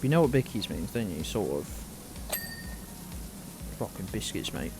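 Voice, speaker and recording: A man's voice: lowish voice, sing-song, normal speed, over music. A British man chatting casually on a live game stream, rambling, laughing often and talking to his dog. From United Kingdom.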